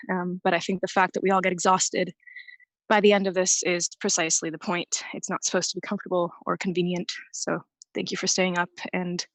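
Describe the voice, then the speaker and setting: A woman's voice: on the low side, no echo, rough recording. A woman giving an earnest, prepared public comment at a council meeting over a remote call-in line, a little out of breath.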